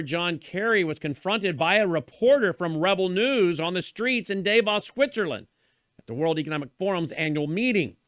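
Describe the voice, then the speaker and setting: A man with a fairly high voice delivers opinionated news commentary. His tone is pointed and sarcastic. The sound is dry and close. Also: a bit bright, dry recording. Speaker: show host.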